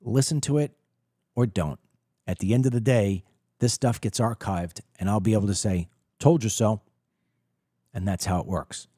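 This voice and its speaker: A middle-aged man holds forth in an emphatic political monologue, piling up rhetorical questions and repeating words as he builds each point. His voice is mellow and dark, and the recording is dry and close with no room sound. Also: lowish voice, normal speed, no echo. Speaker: political talk show host. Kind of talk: opinionated monologue to camera.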